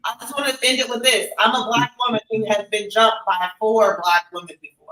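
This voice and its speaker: A woman's voice: a little high, fairly even intonation, fairly quick, a bit bright, reverberant, low-quality recording. A woman speaking bluntly in casual chat.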